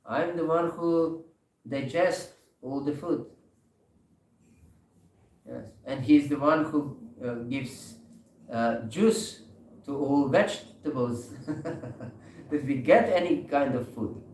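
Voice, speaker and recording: A man giving a sermon in a temple hall, telling a story slowly with many pauses and soft laughs. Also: mid-range voice, recorded from a distance, a little hiss or hum. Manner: slow storytelling with frequent pauses and hesitations, laughing softly. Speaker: speaker giving a scripture class.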